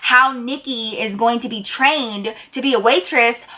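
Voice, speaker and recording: A woman's voice: on the high side, a little slow, sharp tone. A woman quoting a sassy, annoyed waitress. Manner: sassy, clipped. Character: annoyed sassy female waitress, veteran coworker.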